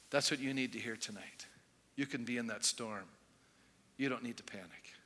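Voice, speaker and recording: Male pastor, animated storyteller, forceful bright tone, long hall reverb. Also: mid-range voice, moderate pace. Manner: animated storytelling, acting out quoted voices. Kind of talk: sermon.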